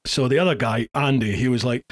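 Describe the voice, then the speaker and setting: A middle-aged man, a podcast host telling a story in casual chat, lively and acting out the shouts he quotes. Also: mid-range voice, a little fast. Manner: animated, acts out shouted quotes, many restarts.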